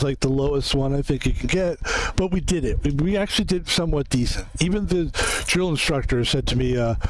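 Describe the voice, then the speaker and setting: A man's voice: fairly high pitch, low-quality recording. A man in his fifties hosting a gaming video, casually rambling through a personal story with plenty of profanity as he plays. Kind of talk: casual commentary while playing a video game.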